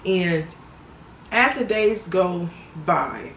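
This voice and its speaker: A woman's voice: lowish voice, lively intonation, extremely slow, fairly bright tone. A woman talking casually to her viewers in a vlog, chatty and laughing often, calling them honey and sweetie. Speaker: vlogger. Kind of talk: casual reflective vlog talk. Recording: roomy echo, distant from mic, faint background noise.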